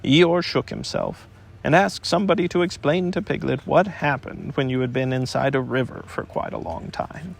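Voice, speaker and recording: A man narrating a classic children's book in a gentle, expressive reading voice. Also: medium pitch, moderate pace, vocal fry. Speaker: audiobook narrator. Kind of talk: storybook narration.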